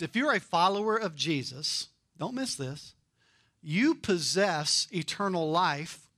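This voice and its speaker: A man preaching with a high, bright, forceful voice, recorded close and dry. He leans hard on key phrases, then drops to a low, quiet aside. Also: no echo. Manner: emphatic preaching, swings from loud stresses to quiet asides. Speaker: pastor. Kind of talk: sermon.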